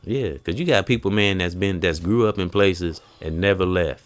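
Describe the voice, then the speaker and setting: A man hosting a casual podcast, telling stories in an animated way and acting out quotes. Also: low-pitched, moderate pace. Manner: animated storytelling, acts out quotes. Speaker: podcast host.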